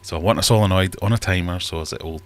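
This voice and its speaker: Deep guy rambling away on his livestream, self-deprecating and casual. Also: racing. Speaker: livestream host. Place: home fish room.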